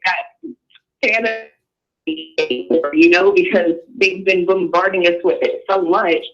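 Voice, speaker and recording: High-voiced male caller on muffled internet call. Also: fairly even intonation, a bit bright, faint music behind. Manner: halting, frank, swears casually. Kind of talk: casual call-in chat.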